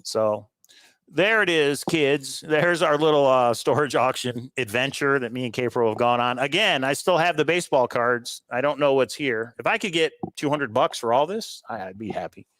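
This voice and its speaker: A man's voice: medium pitch, animated, fairly bright tone, no room sound. Chatty man on a dry mic. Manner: chatty, upbeat, quick asides and chuckles. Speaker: livestream co-host. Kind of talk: casual live-stream chat reading viewer comments.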